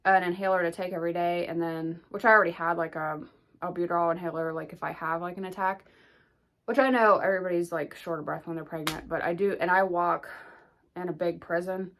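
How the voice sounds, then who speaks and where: A woman's voice: lowish voice, steady tone, a little fast, a bit bright. Rambling young woman, slightly breathless. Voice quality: rambling, filler-heavy with lots of "like". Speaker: vlogger. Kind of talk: casual pregnancy update vlog.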